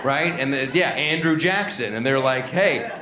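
A man who is a comedian and podcast host, telling a rambling, animated comic story and then interviewing a guest. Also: medium pitch, normal speed. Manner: rambling, animated, self-mocking. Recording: echoey room with audience noise. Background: audience laughter.

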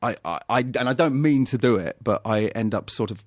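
Male actor, animated storyteller, laughs a lot, dry room. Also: medium pitch, brisk, no room sound. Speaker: actor guest. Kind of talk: casual chat.

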